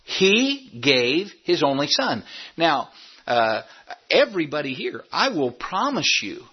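Husky-voiced folksy pastor preaching. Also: male voice, fairly high pitch, big pitch swings, takes it slowly, muffled recording. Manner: folksy preaching with rising emphatic peaks and humor. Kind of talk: sermon. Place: church sanctuary.

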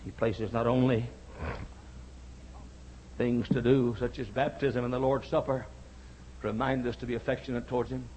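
A man preaching a sermon as pastor, swinging from hushed, quiet passages to drawn-out shouted cries. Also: medium pitch, fairly even intonation, slight background noise, poor audio.

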